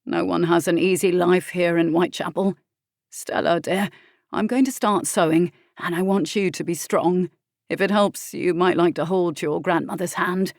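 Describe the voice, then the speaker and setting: A woman narrator voicing a kind, earnest young male doctor who speaks gently and firmly in an audiobook. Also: lowish voice, steady tone, moderate pace, creaky, no room sound, clean studio sound. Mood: reassuring. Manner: gentle, firm and reassuring. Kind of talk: audiobook character voice.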